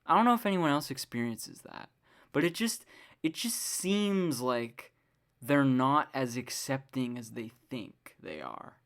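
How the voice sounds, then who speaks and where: A woman's voice: very deep voice, animated, measured pace. A woman hosting a casual solo podcast, rambling with many fillers and frequent swearing in an exasperated rant. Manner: exasperated ranting. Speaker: podcast host.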